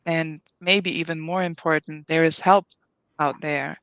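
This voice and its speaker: A panel moderator who speaks in a measured, empathetic way while leading a discussion. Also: medium pitch, steady tone, a bit bright, smooth, no echo, lo-fi sound.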